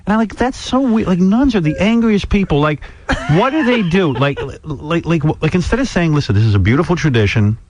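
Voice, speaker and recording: A man hosting a radio talk show, bantering quickly with lots of filler words. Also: high voice, animated, darkish tone.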